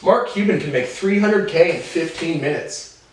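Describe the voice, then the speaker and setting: A man in his twenties giving a rambling, profane personal monologue to camera, jumping between animated tangents. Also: on the high side, normal speed, a little hiss or hum. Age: 20s. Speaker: vlogger. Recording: very echoey room, voice far from mic.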